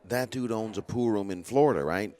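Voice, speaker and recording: Deep-voiced laid-back male co-commentator. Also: brisk, darkish tone. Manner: laid-back storyteller, says "man" and "listen" a lot. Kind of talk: casual storytelling commentary.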